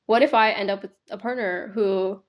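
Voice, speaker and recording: A woman's voice: mid-range voice, steady tone, normal speed. Young woman chatting with many fillers. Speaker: podcast co-host. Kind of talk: casual chat.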